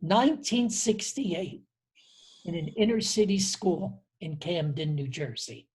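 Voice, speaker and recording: Older male host, 70s, slow earnest storyteller. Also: lively intonation, a little mellow. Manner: slow, earnest and reflective, dropping low on key phrases. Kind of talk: conversational storytelling.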